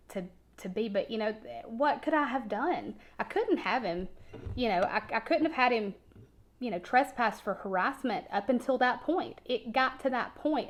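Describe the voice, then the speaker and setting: A woman telling a personal story as a podcast guest, often halting and repeating words as she goes. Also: on the high side.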